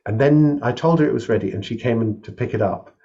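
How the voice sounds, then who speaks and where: A man, a composer and flute maker, telling a story in a casual chat over a video call, animated and laughing often as he acts out the people in it. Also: mid-range voice, fast. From England. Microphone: webcam on a video call. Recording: slightly dull lo-fi call audio.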